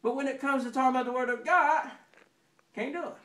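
A man's voice: extremely high pitch, quick pace, reverberant, distant mic, noisy background. A man preaching a sermon in a folksy way, acting out stories with sound effects and calling for amens. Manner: folksy storytelling, acts out anecdotes with sound effects; call and response. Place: church sanctuary.

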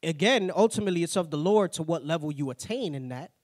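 A man teaching a Bible class in a plain-spoken, conversational way, tagging his points with a quick "right?". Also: on the high side, lively intonation, no echo, clean studio sound. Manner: tags nearly every point with "right?"; plain-spoken, slangy asides.

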